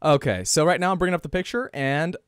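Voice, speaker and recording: A man's voice: sits high, very animated, racing, clear, resonant tone, no echo, studio quality. A young man co-hosting a casual podcast, joking around and presenting a story in a playful tone. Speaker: podcast co-host. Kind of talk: casual chat.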